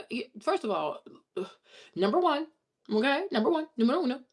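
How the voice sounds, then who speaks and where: A woman's voice: fairly high pitch, expressive, brisk, gravelly. Brief: young woman, vlogger, blunt and emphatic, casual chat to camera. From immigrant who moved to the US as a child. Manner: blunt, emphatic, tags lines with "okay?" and "right?". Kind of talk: casual direct-to-camera talk.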